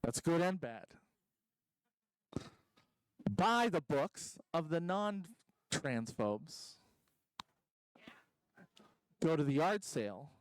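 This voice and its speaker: Rambling, high-voiced stand-up comedian, man. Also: big pitch swings, very slow, pauses often, no room sound, rough recording. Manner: rambling, self-deprecating, many ums and restarts. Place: stage at a convention comedy showcase.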